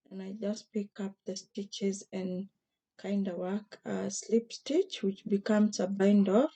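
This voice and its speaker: Hoarse, mellow-voiced woman chatting about crafts. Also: mid-range voice. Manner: gentle, chatty, with frequent fillers and restarts. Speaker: crochet vlogger. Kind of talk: casual craft tutorial.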